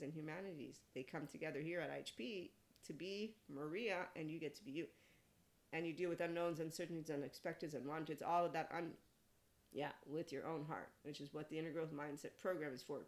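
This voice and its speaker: A woman in her forties, a podcast host, giving a rambling spiritual monologue in an animated way, laughing often and dropping profane asides. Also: low voice, a little fast. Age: 40s.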